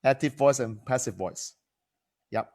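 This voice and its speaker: A man's voice: mid-range voice, unhurried, a little mellow. A man, teaching as a coach who often restarts phrases and asks rhetorical questions. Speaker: coach and trainer. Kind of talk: teaching talk to camera.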